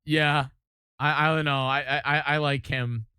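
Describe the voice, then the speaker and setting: A man's voice: fairly high pitch, fairly even intonation, normal speed, pushed and bright, clear, resonant tone, no room sound, clean studio sound. A male streamer chatting casually, rambling and stammering as he reacts, and easily amused. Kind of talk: casual live-stream chat.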